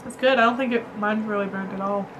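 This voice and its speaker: A woman giving brief, soft-spoken replies from behind the camera during a casual vlog. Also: medium pitch, steady tone, fast talker. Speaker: girlfriend, companion on camera. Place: outdoors on a winter trail and at home. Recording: loud hiss, from off mic.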